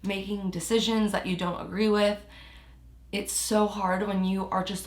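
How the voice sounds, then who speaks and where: A woman's voice: medium pitch, little pitch movement, a little slow, echoey room. A young woman vlogging about her feelings, close to tears, rambling with lots of fillers. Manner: rambling, heavy use of "like", emotional. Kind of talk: emotional personal vlog talk.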